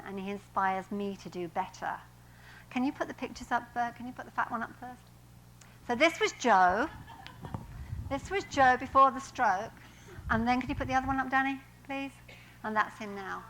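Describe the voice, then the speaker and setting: A woman's voice: fairly high pitch, a bit bright, slight background noise, poor audio. Chatty woman giving a church talk. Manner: chatty, laughs at her own lines. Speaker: guest speaker and personal trainer. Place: church sanctuary.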